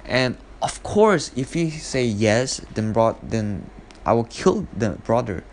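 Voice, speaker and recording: A man hosting a casual English lesson, explaining an expression in halting, non-fluent English with many fillers and acted-out example lines. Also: mid-range voice, very animated, slight background noise. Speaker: host of an English expression podcast.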